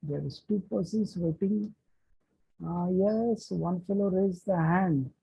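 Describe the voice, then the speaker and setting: A man with an Indian accent teaching a live online class. He talks deliberately, repeats key terms and checks whether students can hear him. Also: high-pitched, creaky, warm tone, slightly rough, dull audio. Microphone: computer mic on an online call.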